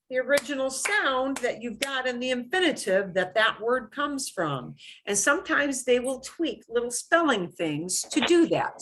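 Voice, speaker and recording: A middle-aged woman talks a class through Spanish grammar at an unhurried, patient pace. Her voice is bright and clear, and she explains things step by step in a chatty way, full of small asides. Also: on the high side, a little hiss or hum. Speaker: Spanish teacher.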